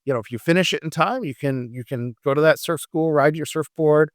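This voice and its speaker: A man's voice: a little high, fairly quick, no echo, clean studio sound. A man co-hosting a casual travel podcast, rambling with many fillers and restarts. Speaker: podcast co-host.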